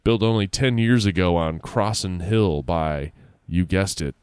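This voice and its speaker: A man's voice: deep voice, unhurried, a little mellow, clear, resonant tone, no room sound, studio quality. A man reading a spooky story aloud in a casual way, with laughing asides.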